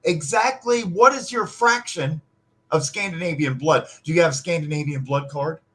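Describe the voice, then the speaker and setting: A man's voice: fairly high pitch, moderate pace, fairly bright tone. A man from the United States in heated political talk, impassioned and emphatic, swearing freely.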